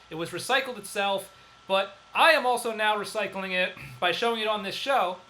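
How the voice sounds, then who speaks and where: A man's voice: sits high, pushed and bright, slight background noise, poor audio. A man hosting a live horror movie stream in a wry, joking way with loose fillers. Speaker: horror host. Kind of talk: livestream hosting.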